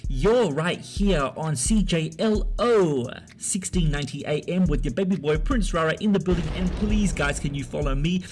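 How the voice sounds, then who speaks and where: A man's voice: fairly high pitch, animated, moderate pace, few pauses, noisy background. A man hosting a casual radio show, talking in a rambling, hesitant way with many fillers and restarts. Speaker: radio host. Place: radio studio.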